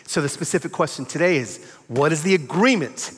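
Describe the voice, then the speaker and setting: A man preaching a sermon as a guest preacher, telling stories in an animated way and acting out the quotes. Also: on the high side, a little fast, husky, big-room sound. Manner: animated storytelling with acted quotes. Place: large church sanctuary.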